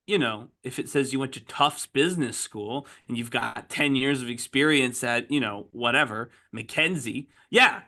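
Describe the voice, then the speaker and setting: A man with a bright, forceful voice chats casually on a podcast and gives his opinions freely. His delivery is talkative and assured. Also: medium pitch. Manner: opinionated, chatty. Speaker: podcast host. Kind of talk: casual chat.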